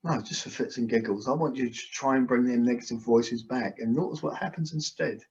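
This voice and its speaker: A man's voice: mid-range voice, brisk, darkish tone. A man acting as a hypnotist, guiding a session with soothing, repetitive trance suggestions over a video call. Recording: dull, lo-fi video call audio.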